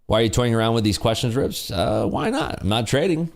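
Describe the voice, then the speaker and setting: A young adult man hosting a day-trading livestream, chatting casually with viewers in an animated, ranting way full of fillers. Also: medium pitch, fairly quick. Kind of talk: casual livestream chat answering viewer questions.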